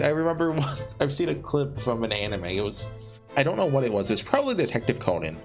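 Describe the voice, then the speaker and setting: A man chatting his way through a game in a loose, hesitant ramble, often chuckling. His pitch rises and falls in lively swings. Game music plays steadily behind him. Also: quick pace. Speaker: let's play gamer. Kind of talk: casual game commentary.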